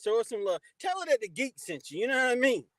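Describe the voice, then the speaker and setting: A man's voice: very high-pitched, very animated, quick pace, no echo, low-quality recording. A man hosting a casual motivational livestream, greeting viewers by name and giving life advice. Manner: shouts out chat viewers warmly by name, preachy advice. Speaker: livestream host.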